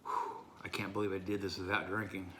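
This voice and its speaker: Deep-voiced man straining through a burn. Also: little pitch movement, pushed and bright, slight background noise. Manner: breathy, gasping, pausing to recover. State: strained voice from hot sauce burn. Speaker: hot sauce reviewer. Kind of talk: casual vlog talk to camera.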